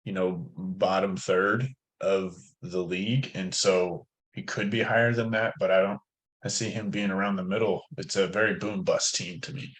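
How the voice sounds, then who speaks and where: A man's voice: low voice, fairly even intonation, moderate pace, a bit bright, low-quality recording. A man talking through a fantasy football roster in a casual podcast chat, thinking aloud with frequent fillers. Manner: thoughtful, hedging with fillers.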